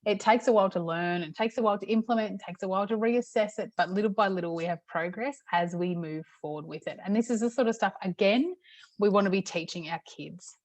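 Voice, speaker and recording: A middle-aged woman, a parenting coach, teaching in a casual, chatty way with many "okay"s and a slightly hoarse throat. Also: mid-range voice, quick pace, darkish tone, dry recording. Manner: chatty, repeats "okay" often. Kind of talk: casual talk-to-camera teaching.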